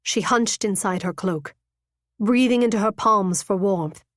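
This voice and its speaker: A woman reads a romance novel aloud in an intimate, measured way. Her voice sits in a middle pitch, neither high nor low. The recording is dry and close, with no room echo. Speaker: audiobook narrator. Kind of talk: scripted romance narration.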